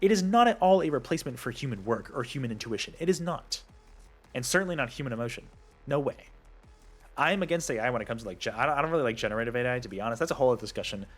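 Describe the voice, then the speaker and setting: A young man ranting to camera as a gaming video creator, heated and profane, his pitch jumping up when he gets worked up. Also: lively intonation, racing, soft background music. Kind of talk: angry rant to camera.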